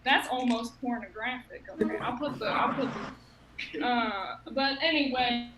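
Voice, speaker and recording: A woman's voice: fairly high pitch, moderate pace, reverberant, noisy background. A woman in her thirties from Ohio doing a rambling, self-mocking open mic stand-up set, laughing at her own jokes. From Ohio, USA. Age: 30s. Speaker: stand-up comic.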